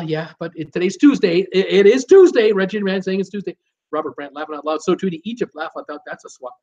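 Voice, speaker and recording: A man's voice: high-pitched, dull audio. Chatty man reading live chat. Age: older. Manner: chatty, reads comments aloud with asides. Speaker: host of a live cruise Q&A stream.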